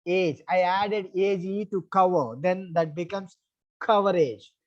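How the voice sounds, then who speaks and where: A man's voice: high voice, unhurried, no room sound. A man with an Indian English accent teaching an online English class, patiently repeating points and spelling words out letter by letter. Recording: dull lo-fi sound.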